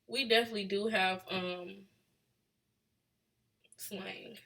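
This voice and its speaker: A woman's voice: mid-range voice, fairly even intonation, slow, vocal fry, bright, forceful tone. A young woman from Chicago with a Chicago accent, chatting casually with a live chat, reading out questions and laughing. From Chicago, USA. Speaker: vlogger answering live chat.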